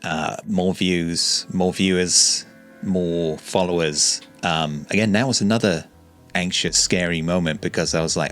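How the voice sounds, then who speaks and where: Shy YouTuber, male, low pitch, monotone and mellow, frequent stutters. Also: measured pace, soft background music. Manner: calm, relaxed, soft-spoken; stutters and restarts often. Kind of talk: reflective talking-to-camera vlog.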